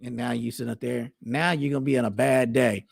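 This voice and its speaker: A man's voice: mid-range voice, steady tone, fairly quick, gravelly, heavy background noise. A man hosting a show, talking in a loose, rambling way with frequent restarts. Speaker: host. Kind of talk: casual monologue.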